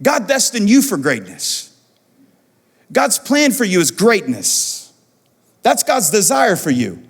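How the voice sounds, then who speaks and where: A man preaching as pastor, animated and repeating phrases for emphasis, in a church auditorium. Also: high voice, takes it slowly, pauses often, husky. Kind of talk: sermon. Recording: long church hall reverb.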